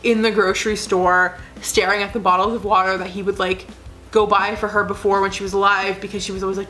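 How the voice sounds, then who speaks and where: A woman's voice: medium pitch, flat delivery, quick pace, pushed and bright, faint music behind. A young adult woman chatting casually as a vlogger, rambling earnestly with lots of "like" fillers. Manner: rambling, full of "like" fillers, gushing; emotional, earnest. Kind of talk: casual chat.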